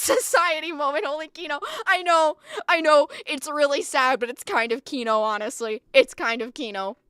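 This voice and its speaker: A woman streamer giving live reaction commentary, excitable and profane, rambling with frequent laughter. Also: sits high, clean tone, dry recording.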